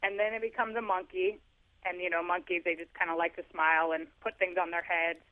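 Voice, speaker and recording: A man's voice: sits high, little pitch movement, fairly quick. A man author chatting on the phone about parenting, telling funny stories with self-deprecating humor. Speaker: author guest. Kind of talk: casual phone interview. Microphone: telephone. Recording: tinny phone line.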